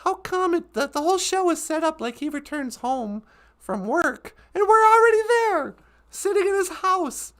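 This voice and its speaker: A woman's voice: extremely high pitch, big pitch swings, moderate pace. A woman hosting a casual comedic live stream, playful and giggly.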